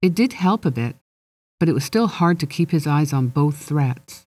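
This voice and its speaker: Storybook narrator, steady, gently expressive, mellow voice, dry close recording. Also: medium pitch, normal speed, dry recording. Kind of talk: audiobook narration.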